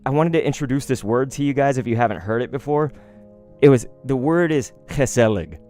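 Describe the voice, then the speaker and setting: A chatty man in his thirties hosts a casual card-opening stream, wandering from story to story. His voice sits at an ordinary middle pitch, with soft music playing faintly behind him. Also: fairly quick. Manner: chatty and rambling, excitable outbursts. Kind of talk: casual live-stream chat.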